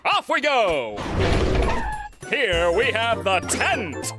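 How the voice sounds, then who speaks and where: A man voicing a flamboyant male AI ringmaster in an animated series, talking like a theatrical showman. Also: high-pitched, drawn-out words, loud music behind the voice, exaggerated voice. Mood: cheery showman. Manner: theatrical showman, bouncy and grandiose.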